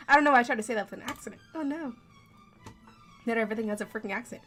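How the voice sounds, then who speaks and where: A woman's voice: on the high side, expressive, a little fast, pauses often, a bit bright, faint music behind. A young woman giving casual, playful commentary while playing through a story game. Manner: playful, chatty asides with frequent laughter. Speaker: gamer. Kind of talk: casual let's-play commentary.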